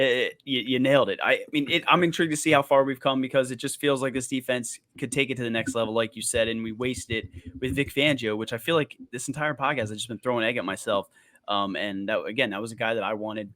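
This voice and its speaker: A man's voice: mid-range voice, fairly bright tone, no room sound. A man co-hosting sports talk radio, rambling and jokey in casual chat.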